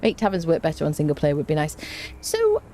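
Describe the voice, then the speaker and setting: A woman with a low, mellow voice, chatting live with her viewers as she streams. She greets people by name and tosses in self-mocking dad jokes. The talk stays loose and friendly. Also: huge pitch swings, fast talker, a little hiss or hum. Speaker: game streamer reading chat. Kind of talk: casual live-stream chat.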